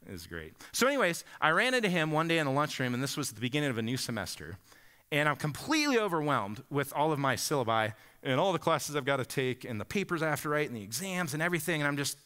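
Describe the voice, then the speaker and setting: A pastor in his forties from Bend, Oregon, in the Pacific Northwest, preaches a sermon by telling stories conversationally and often checking in with the congregation by asking "right?" His mid-range voice is very animated, brisk, pushed and bright.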